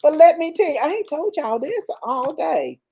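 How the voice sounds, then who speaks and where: An older woman hosting a casual livestream, reading viewer comments aloud in a slow, drawn-out way with frequent laughter and religious phrases. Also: high voice, very animated, warm tone.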